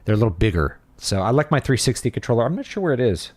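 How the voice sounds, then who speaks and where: A man's voice: mid-range voice, very animated, quick pace, darkish tone, slightly rough, no echo. A man in his thirties streaming a game, talking casually and rambling as he thinks aloud. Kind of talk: casual gaming livestream chat.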